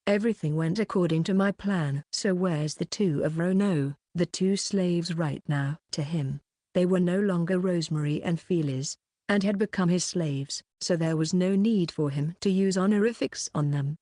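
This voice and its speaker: Brief: woman narrator, low mellow voice, steady read, dry close sound. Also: normal speed, no echo. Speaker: audiobook narrator. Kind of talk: scripted audiobook narration.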